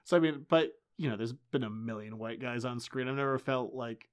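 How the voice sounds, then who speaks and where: A man's voice: medium pitch, fairly quick. A man in his late twenties co-hosting a comics podcast, chatting casually and joking animatedly. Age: late 20s. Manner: joking, animated, laughs often. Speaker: podcast co-host. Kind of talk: casual chat.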